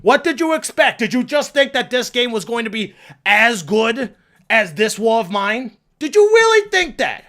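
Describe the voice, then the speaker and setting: A man voicing a brash, foul-mouthed male mobster type who talks in blustering threats and shouts. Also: extremely high pitch, sing-song, drawn-out words, hardly any pauses, full character voice. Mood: threatening.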